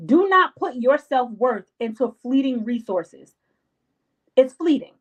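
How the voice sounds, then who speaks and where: A woman's voice: high-pitched, animated, a little slow, rough recording. A young adult woman hosting a live stream, giving casual life advice in an emphatic, slangy, repetitive way and acting out her friends' lines.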